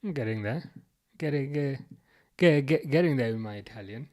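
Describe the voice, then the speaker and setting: A man with a Birmingham accent from the UK hosts a football watchalong livestream, reading out viewer comments in a halting, casual way with many restarts. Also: mid-range voice, lively intonation, a little mellow. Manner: halting, restarts often, chuckles, reads comments aloud. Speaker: livestream host reading chat.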